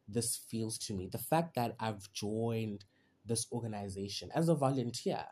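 Give me a heartfelt man hosting a casual podcast, with a relaxed, warm voice and loose, rambling thoughts. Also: on the low side, unhurried. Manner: chatty and heartfelt, heavy use of "you know" and "like". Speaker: podcast host. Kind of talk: casual solo podcast monologue.

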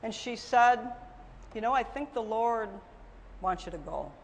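A middle-aged woman preaching a sermon, telling her own story with emphatic swings between loud and soft. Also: on the high side, lively intonation, a little slow, big-room sound.

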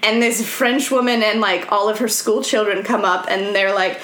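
A woman from California chatting casually as a podcast host, telling stories with lots of fillers and acting out quotes. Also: moderate pace. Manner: animated storyteller, acts out quotes in high voices. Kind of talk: casual chat. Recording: echoey room.

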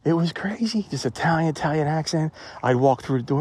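A man's voice: fairly high pitch, expressive, brisk, darkish tone, breathy edge. A man talking to his phone as he walks outdoors, musing in a rambling, conversational way in a reflective vlog. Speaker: vlogger. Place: outdoors in a cemetery. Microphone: phone held while walking.

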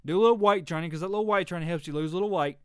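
High-voiced preachy man ranting. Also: rapid-fire, clean tone, no room sound, clean studio sound. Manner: preachy, emphatic, repeats himself. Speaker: podcast host. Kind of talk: ranting faith podcast monologue.

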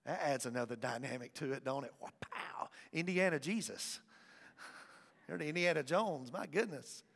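A man preaching a sermon as pastor, impassioned, swinging from loud declarations to hushed asides. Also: a little high, gravelly. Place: church sanctuary. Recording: reverberant church hall with faint music.

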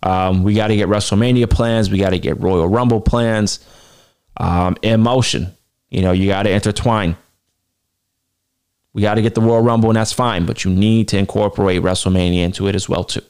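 A man hosting a podcast solo, giving animated, casual commentary with plenty of swearing and open self-confidence. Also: fairly low pitch, normal speed, clean tone. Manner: animated, profane, self-assured. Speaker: podcast host.

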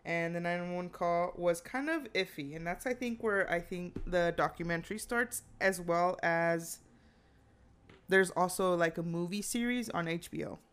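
Smooth-voiced woman retelling a story animatedly. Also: lowish voice, moderate pace. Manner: animated retelling, acting out quoted lines, fillers. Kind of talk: casual true-crime chat.

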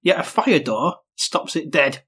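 Male podcast co-host, husky, a touch high, jokey, laughs often. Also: lively intonation, a little slow, sharp tone. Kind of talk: casual chat.

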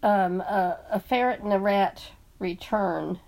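A woman co-host chiming in with slow, dry interjections. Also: medium pitch, gravelly, darkish tone. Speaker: podcast co-host.

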